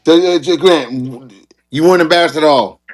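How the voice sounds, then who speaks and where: A man's voice: on the high side, a little fast. A man hosting a live debate show, talking casually and repeating phrases as he makes his point. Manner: conversational, repeats phrases, stammers on restarts. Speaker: show host.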